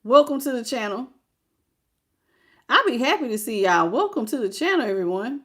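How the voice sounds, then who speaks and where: A woman's voice: on the high side, big pitch swings, normal speed, a bit bright, a little hiss or hum. A woman hosting a live tarot reading, preaching about God and greeting viewers by name.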